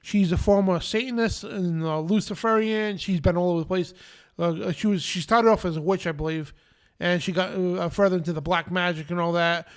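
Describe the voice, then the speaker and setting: Radio host, male, high and chatty, casual live banter. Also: steady tone, a little fast, smooth. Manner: chatty, laughing, full of fillers.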